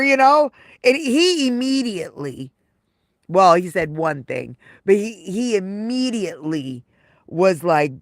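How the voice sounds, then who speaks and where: A woman's voice: medium pitch, big pitch swings, measured pace, dry recording, studio quality. A woman live streamer telling casual stories to her viewers, rambling and repeating her phrases. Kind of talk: casual livestream storytelling.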